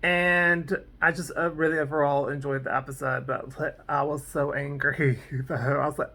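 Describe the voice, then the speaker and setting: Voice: mid-range voice, level tone, normal speed, hardly any pauses, pushed and bright. A vlogger casually recapping a TV episode, rambling off on tangents with lots of "like" and "um". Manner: fillers like "like" and "um". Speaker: TV episode reviewer.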